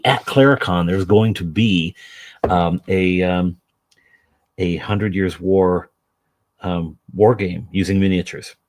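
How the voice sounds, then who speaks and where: Low husky-voiced man chatting while painting. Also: a little mellow. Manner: rambling, self-deprecating, chats to his dog and viewers. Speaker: live-stream miniature painter. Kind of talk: casual live-stream chat.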